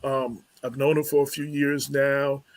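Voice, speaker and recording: A man hosting a community radio talk show, speaking in a halting way with many fillers and repeated words. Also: medium pitch, little pitch movement, no room sound.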